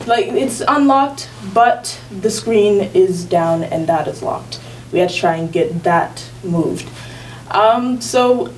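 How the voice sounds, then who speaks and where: A woman's voice: medium pitch, a little mellow, slight background noise. Laughing teen girl telling a story from afar. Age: teens. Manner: casual, rambling, with frequent laughter and fillers. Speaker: student storyteller. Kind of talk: personal storytelling at a live event. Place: school event space. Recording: distant mic with faint room ambience.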